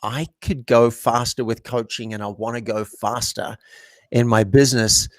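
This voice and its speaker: A man on an interview, reflective and story-driven, slipping into quoted exchanges as he explains his ideas. His voice sits in an ordinary middle pitch. It is recorded close and dry, with no room sound. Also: steady tone, moderate pace, no echo. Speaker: guest, coach. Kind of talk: conversational interview.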